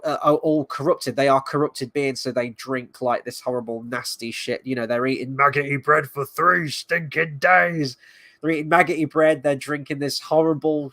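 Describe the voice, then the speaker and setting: A man's voice: on the high side, a bit bright, no echo. A man giving a casual spoken review of a series, blunt and sarcastic, swearing freely as he picks apart its writing. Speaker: show reviewer.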